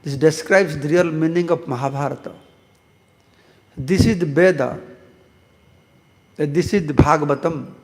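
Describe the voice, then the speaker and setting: Man, monk, scripture class lecture, storytelling, chanted verses, somewhat high voice, long hall reverb. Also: measured pace, long pauses, a little mellow. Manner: storytelling, asks the audience questions, chants verses. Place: temple hall.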